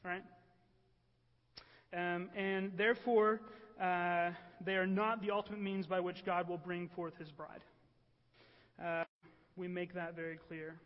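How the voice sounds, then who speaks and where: A man's voice: high-pitched, flat delivery, a little slow, pauses often. A man preaching a sermon in an earnest way, often checking with the room by asking "right?". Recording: echoey hall, dull lo-fi sound.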